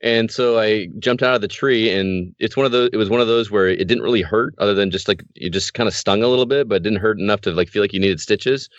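A man in relaxed casual chat, telling a story and laughing as he goes. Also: lowish voice, fast talker, hardly any pauses, no room sound. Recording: dry muffled sound.

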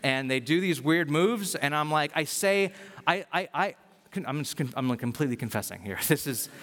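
A man preaching a sermon as a pastor, in a conversational, self-deprecating way with animated storytelling. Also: on the high side, normal speed, big-room sound.

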